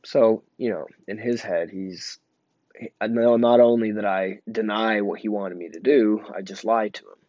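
A young man recounts a casual, meandering tale from his store job, tripping over fillers and restarts. His fairly low, warm voice keeps a steady tone at a moderate pace. It's a dull, lo-fi, dry recording with no room sound.

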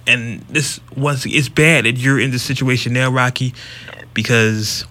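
A man with a bright, ringing, mid-range voice hosts a casual podcast as a regular, offering casual commentary. He speaks bluntly and with emphasis, swearing freely as he gives his opinions, with fairly even intonation and an unhurried pace.

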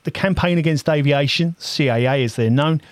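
A man's voice: a little high, brisk, no room sound. A man in casual podcast chat, talking enthusiastically with many filler phrases.

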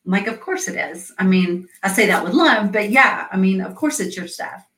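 A woman's voice: mid-range voice, normal speed, a bit bright, far from the mic. A middle-aged woman coach telling stories in an interview in an earnest way, with many fillers, speaking over a call. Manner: earnest, storytelling, frequent fillers. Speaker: guest, coach. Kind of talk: conversational interview. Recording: roomy echo.

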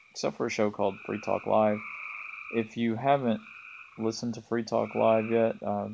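A laid-back man with a Southern US accent hosts a casual solo podcast, pausing often on ums and restarts. His voice is low and gravelly with a fairly flat melody. The recording is dull and lo-fi, with faint noise and frogs croaking in the background. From American South. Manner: relaxed, laid-back, halting with many ums. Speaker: podcast host. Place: front porch of an off-grid cabin.

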